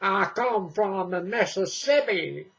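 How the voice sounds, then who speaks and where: A man's voice: high-pitched, animated, slow, creaky, fairly bright tone, slightly rough, highs cut off, full character voice. A man faking a hearty drawl. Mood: jokey.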